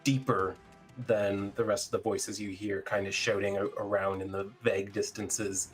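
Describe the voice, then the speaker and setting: Relaxed low-voiced man narrating as game master. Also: moderate pace, faint music behind. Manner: relaxed, with fillers and chuckles.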